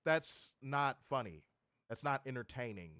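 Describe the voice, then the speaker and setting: A man's voice: fairly high pitch, very animated, moderate pace, fairly bright tone, dry recording, studio quality. A man co-hosting a wrestling review show, ranting in casual, profane talk and repeating words as he gets heated. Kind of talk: casual podcast rant.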